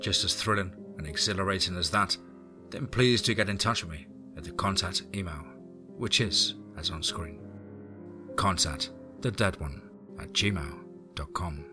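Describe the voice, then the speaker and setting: A man's voice: low voice, normal speed, over music. A man narrating a horror story aloud, then chatting enthusiastically to his listeners. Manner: enthusiastic, effusive.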